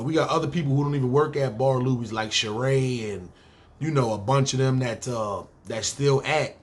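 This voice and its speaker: A New York-accented man in his thirties recounts stories on a podcast, loose and conversational. He talks in street slang and swears freely. His voice sits at an ordinary middle pitch. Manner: laid-back street slang, profane. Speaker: podcast host. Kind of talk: casual storytelling.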